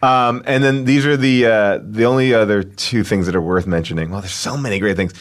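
A man co-hosting a casual podcast, reading out film trivia in an animated way, laughing often and filling pauses with "uh" and "um.". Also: lowish voice. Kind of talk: casual chat.

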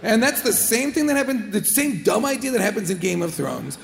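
Man, very high voice, excitable, rambling, live hall echo. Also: brisk, creaky, slight background noise. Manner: excitable, rambling, acts out characters. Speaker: podcast co-host. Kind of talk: casual comedic movie chat before a live audience. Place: live stage in a large hall.

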